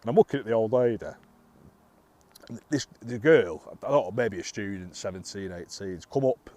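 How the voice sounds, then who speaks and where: A man's voice: lowish voice, normal speed, warm tone. A man, a bus driver, telling a story casually, laughing often and restarting his sentences in a self-deprecating way.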